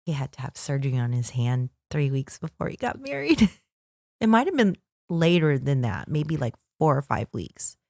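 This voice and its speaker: A woman co-hosting a podcast, telling a wedding story in a casual chat and acting out the quotes with lively energy. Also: low voice, moderate pace, creaky, dry recording, studio quality. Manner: animated, lively storyteller who acts out quotes. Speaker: podcast co-host.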